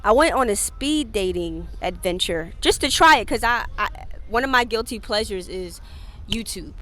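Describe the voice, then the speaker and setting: A woman's voice: medium pitch, normal speed. A woman hosting her own podcast in a casual solo chat, talking candidly with frequent swearing and laughter and acting out what people said. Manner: candid, profane, laughs often; animated, acts out quoted speech. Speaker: podcast host.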